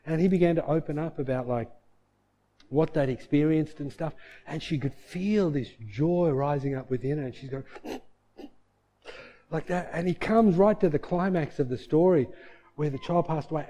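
A man preaching, his voice sitting a little high. He tells a story with animated energy, dropping soft and low in the sad parts and climbing to loud, excited peaks. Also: normal speed. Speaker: pastor. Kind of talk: sermon storytelling.

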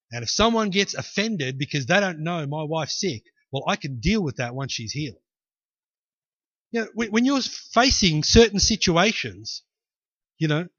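A man's voice: a little high, no echo, lo-fi sound. A man preaching a sermon and acting out the people in the story. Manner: animated preaching, acting out voices. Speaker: pastor.

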